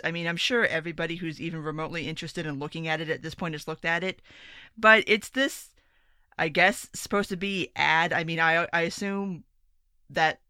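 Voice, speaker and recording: A woman's voice: on the low side, pushed and bright, smooth, no echo, clean studio sound. A woman hosting a solo commentary podcast, talking in a blunt, profane, rambling rant. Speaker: podcast host.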